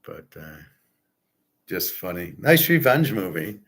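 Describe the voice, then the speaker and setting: A man with a somewhat low voice talks loosely to his viewers, hopping from one subject to the next. He is blunt and opinionated and never sounds scripted. It is relaxed, unpolished stream chatter. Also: a little slow. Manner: blunt, opinionated, wandering from topic to topic. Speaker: livestream host answering chat. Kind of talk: casual rambling chat.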